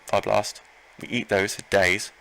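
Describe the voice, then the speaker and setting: A man commenting live on his own Pokémon battle, excitable, talking to himself and his opponent and repeating phrases. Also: fairly low pitch, unhurried, rough recording. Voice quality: gravelly.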